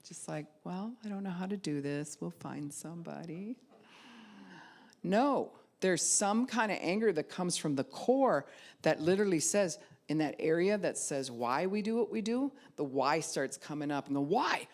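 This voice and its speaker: A woman pastor delivers a sermon in a low, deep-set voice. She preaches with animated, shifting delivery, swinging from quiet asides to loud ringing cries as she retells the story. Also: moderate pace.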